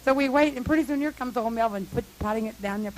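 A woman telling a long, lively, profane anecdote to a group, laughing often. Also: fairly high pitch, fast talker. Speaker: storyteller at a meeting. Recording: hissy old tape recording.

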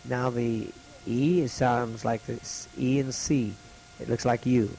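A man teaching a classroom lesson, slowly repeating each letter's sound for students to copy. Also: mid-range voice, steady tone, mellow, a little hiss or hum, rough recording.

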